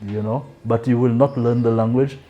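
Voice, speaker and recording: A man giving calm advice. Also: mid-range voice, normal speed, faint music behind. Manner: calm, advising.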